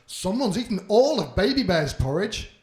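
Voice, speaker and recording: A man voicing a fussy father bear who complains slowly and loudly. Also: high voice, very animated. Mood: aggrieved. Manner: slow, drawn-out complaining. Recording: roomy club echo.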